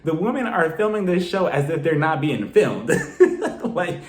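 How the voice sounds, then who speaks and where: A man with a somewhat high voice talks through a reality show episode in casual review style. He recaps with animated, gossipy energy and laughs often. The sound is roomy, with noticeable echo. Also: moderate pace. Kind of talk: casual video review commentary.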